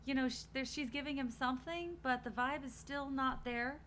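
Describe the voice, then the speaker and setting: A woman's voice: high voice, moderate pace, fairly bright tone, a little hiss or hum. A young woman hosting a watch party stream, chatting casually and animatedly, swearing and acting out quotes. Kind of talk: casual chat.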